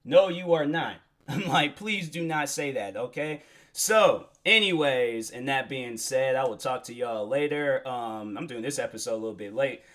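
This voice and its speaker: A man's voice: mid-range voice, lively intonation, normal speed, fairly bright tone. A young man hosting a solo podcast, talking in a casual, rambling, earnest way with many fillers and restarts. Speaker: podcast host.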